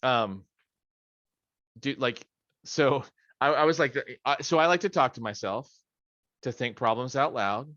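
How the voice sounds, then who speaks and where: A man's voice: medium pitch, animated, a little slow, long pauses, fairly bright tone, dry recording, muffled recording. A middle-aged man leading a study session on a video call from his home office, in a casual, rambling way with joking asides. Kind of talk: casual training talk.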